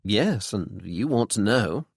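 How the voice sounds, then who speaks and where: A man voicing a young gentleman sleuth in an audiobook, speaking with dry, ironic politeness. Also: on the low side, expressive, slow, gravelly, husky, dry recording, heavily acted. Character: wry young gentleman sleuth, bland and teasing.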